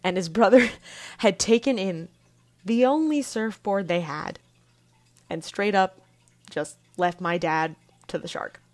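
A woman's voice: mid-range voice, takes it slowly, pauses often. Casual young woman podcast host. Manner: casual, animated storytelling with laughs. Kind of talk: storytelling podcast monologue.

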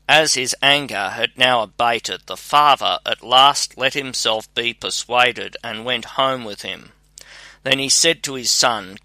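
A man reading a fairy tale aloud as an audiobook narrator, in a measured, even manner. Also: mid-range voice, no echo. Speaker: audiobook reader. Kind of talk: scripted storybook narration.

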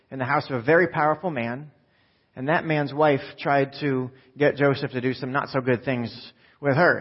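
A man's voice: a little high, dull audio. A man preaching a sermon, telling a story with quoted voices and asides to the congregation. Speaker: pastor.

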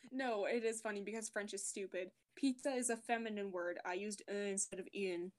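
A young woman co-hosting a casual podcast over a call, lively and teasing, laughing at herself. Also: medium pitch, moderate pace. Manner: lively, teasing, self-deprecating, laughs often. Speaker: podcast co-host. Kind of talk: casual chat.

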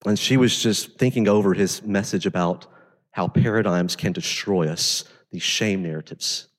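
A man preaching a sermon as pastor, talking conversationally and swinging between intense emphasis and quiet storytelling. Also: low voice, moderate pace, long reverb tail.

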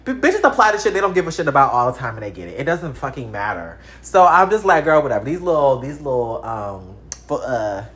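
A vlogger around thirty, from Texas, chatting casually to camera in an animated, profane way with big swings in pitch and loudness. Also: fairly quick, hardly any pauses.

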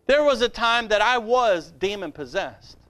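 A man's voice: high voice, lively intonation, measured pace, a bit bright. A male pastor preaching a fiery sermon, emphatic and repetitive, with rhetorical questions.

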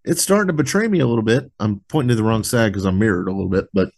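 A man's voice: fairly low pitch, very animated, rapid-fire, a little mellow. A man hosting a podcast, chatting casually and jokingly, swearing freely as he rambles. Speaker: podcast host. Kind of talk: casual chat.

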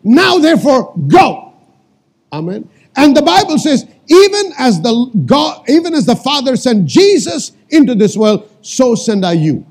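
Husky, lively-voiced preaching man. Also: very high voice, normal speed. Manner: call-and-response preaching, repeats lines for emphasis; bursts into shouted commands. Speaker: pastor. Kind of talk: sermon.

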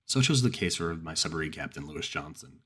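Deep, husky man telling a grave horror story. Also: expressive, fairly bright tone. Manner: slow, grave first-person telling. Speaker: narrator.

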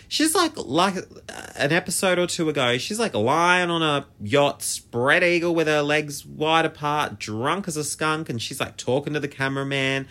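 A man hosting a casual solo podcast, chatty, camp and gossipy, his pitch jumping up high when excited. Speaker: podcast host.

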